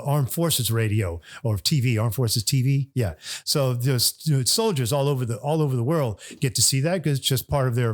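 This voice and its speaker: An older man from New Orleans tells a long story in a casual, rambling manner. His voice sits in an ordinary middle pitch, and he often restarts mid-phrase and repeats words before moving on. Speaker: podcast guest. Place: bar.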